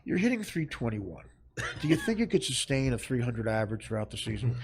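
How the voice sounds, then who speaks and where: A man doing an impression of an older baseball announcer asking measured interview questions. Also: medium pitch, very animated, a little hiss or hum, voice pushed down. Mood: polite. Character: old male baseball broadcast announcer.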